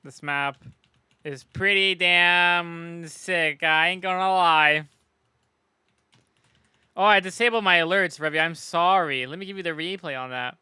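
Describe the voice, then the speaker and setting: Bright, crisp-voiced man streaming casually. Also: fairly high pitch, normal speed, long pauses, no echo, clean studio sound. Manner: profane, joking, laughs often. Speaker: streamer judging game maps. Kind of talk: casual live-stream chat.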